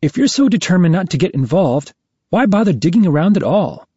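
Guy putting on a higher young woman's voice, sad and mysterious, in an audiobook, kinda muffled. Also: very animated, fairly quick, dark tone, husky, dry recording, full character voice. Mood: probing. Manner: probing, then bitter and tearful.

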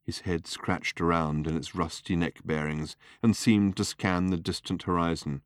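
Deep, dry male audiobook narrator, measured and wry. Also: steady tone, clear, resonant tone, dry recording.

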